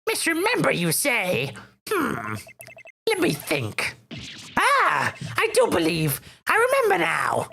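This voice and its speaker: Game voice: woman putting on a lofty, high old mayor with swooping, dramatic lines. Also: wildly swooping pitch, vocal fry, sharp tone, slight background noise, full character voice. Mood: grandiose. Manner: archaic, theatrical, drawn-out delivery. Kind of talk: playing a game character aloud.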